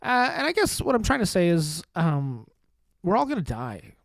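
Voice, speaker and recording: A man with a slightly high voice riffs alone on his podcast, sarcastic and deadpan, tripping over restarts and swearing freely. The mic sits close and the sound is dry, with no room around him. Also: normal speed, no echo. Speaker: podcast host. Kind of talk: sarcastic solo comedy podcast monologue.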